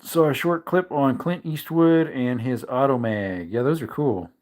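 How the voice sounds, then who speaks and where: A man's voice: medium pitch, a little slow, a little mellow. Man, livestream host, casual chat, rambling, self-correcting, tired. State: tired, yawning.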